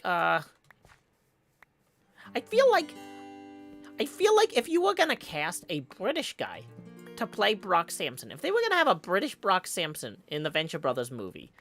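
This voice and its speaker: A woman's voice: medium pitch, wildly swooping pitch, moderate pace, fairly bright tone, faint music behind. A woman hosting a casual livestream chat, joking and reading out viewer tips. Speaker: stream host.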